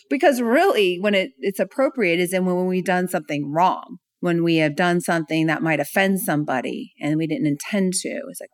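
Lively woman guest, animated quoted asides. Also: normal speed, no echo, studio quality. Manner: lively, acts out little quotes with jumps in pitch. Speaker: guest speaker and author. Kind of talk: conversational interview.

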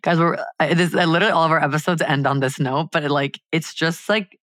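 A woman's voice: low-pitched, steady tone, fast talker, fairly bright tone, no echo. A young woman co-hosting a podcast, telling a heated story in casual chat, full of "like" fillers. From Miami. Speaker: podcast co-host.

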